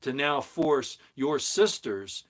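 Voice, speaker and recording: A middle-aged man in full rant on his own channel, his voice at an ordinary male pitch. He preaches and repeats himself for emphasis, building heat as he hammers each point home. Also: animated, slow. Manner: heated, preachy, emphatic repetition. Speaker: commentary channel host. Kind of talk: opinionated monologue.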